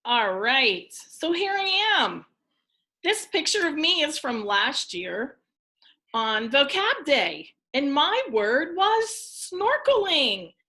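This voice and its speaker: Slow, bright-voiced woman teacher. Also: high voice. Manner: slow, encouraging, clearly enunciated. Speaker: elementary school teacher. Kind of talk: recorded phonics lesson for children.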